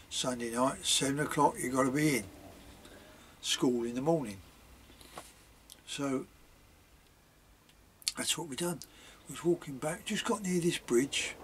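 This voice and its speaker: A man's voice: fairly high pitch, slight background noise. An older man, rambling through childhood memories with lots of fillers and asides. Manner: chatty, many fillers and asides, dialect grammar. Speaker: vlogger telling childhood memories. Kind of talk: rambling spoken reminiscence.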